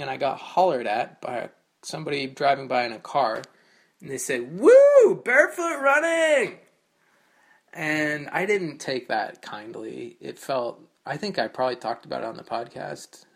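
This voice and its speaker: A man's voice: mid-range voice, moderate pace, creaky, breathy edge. A man hosting his own podcast, rambling casually and self-mockingly through a solo intro with loose swearing. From New Jersey. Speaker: podcast host.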